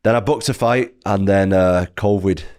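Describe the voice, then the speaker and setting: A man's voice: deep voice, normal speed, darkish tone. A man in his thirties with an English accent, a guest telling his story in a casual, rambling way with lots of fillers. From United Kingdom. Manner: rambling, filler-heavy, self-correcting. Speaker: guest fighter.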